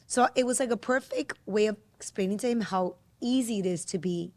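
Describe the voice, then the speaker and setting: A woman podcast host telling a family story in a casual conversation, getting animated as she quotes her child. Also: mid-range voice, fairly quick, few pauses, no room sound. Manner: storytelling, animated when quoting her son.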